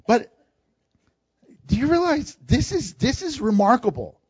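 A man preaches with a high, lively voice. He acts out the lines he quotes and laughs often. The sound is dry and a bit muffled. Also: slow pace, pauses often, no echo. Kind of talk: sermon.

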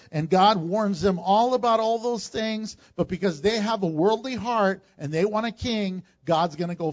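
A man pastor preaching a sermon, reading scripture aloud in an animated way. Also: high voice, muffled recording.

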